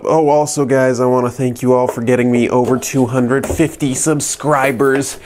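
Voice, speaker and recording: A man's voice: mid-range voice, moderate pace, hardly any pauses. A man reviewing wrestling toys in a casual, rambling, joking way, with lots of fillers and restarts. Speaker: toy reviewer. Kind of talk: casual unscripted toy review.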